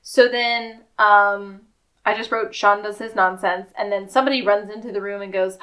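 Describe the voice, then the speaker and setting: A woman co-hosting a podcast, casually recapping a TV episode and acting out quick quotes. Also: mid-range voice, fairly even intonation, bright, forceful tone. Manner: retells scenes with quick acted quotes and laughs. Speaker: podcast co-host.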